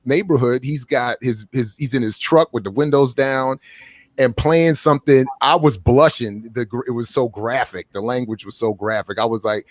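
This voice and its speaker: A man's voice: medium pitch, moderate pace, no room sound. A middle-aged man co-hosting a morning talk show, telling stories in casual chat and acting out what people said. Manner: animated storyteller, acts out quotes. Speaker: show co-host.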